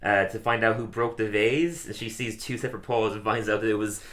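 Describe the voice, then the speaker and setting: A man's voice: fairly low pitch, brisk, fairly bright tone. A man co-hosting a podcast, casually recapping a cartoon episode, laughing often and acting out quoted lines. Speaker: podcast co-host.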